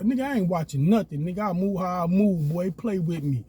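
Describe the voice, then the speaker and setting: A man telling a story casually, animated and profane, acting out quotes in a raised voice. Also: high-pitched, fast talker, breathy edge.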